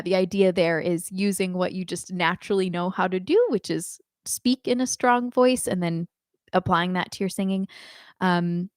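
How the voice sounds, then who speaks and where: A woman singing teacher answering viewers' chat questions in a live online lesson, thoughtful and unhurried, with many ums and restarts. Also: medium pitch, clear, resonant tone, no echo, clean studio sound.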